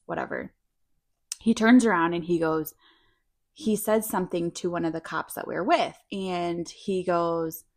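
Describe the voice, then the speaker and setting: A podcast co-host tells a long, rambling personal story in a casual style packed with filler words. Her voice is lowish and creaky.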